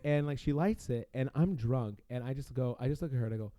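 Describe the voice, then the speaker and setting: A man's voice: mid-range voice, fast talker, no echo. A man telling a wild party story as a podcast guest. He talks casually with lots of fillers and breaks into laughter. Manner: animated, laughing, filler-heavy.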